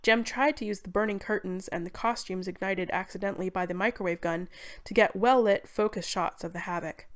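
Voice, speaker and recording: A woman's voice: mid-range voice, a little fast. A woman narrating a scripted story in a wry, irreverent way.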